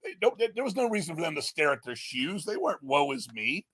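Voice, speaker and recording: Brash male podcast guest: gravelly, higher-pitched, profane, mocking, tends to shout. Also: big pitch swings, fast, dry recording, clean studio sound. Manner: loud, swearing, mocking, bursts into shouted parodies. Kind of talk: profane casual chat.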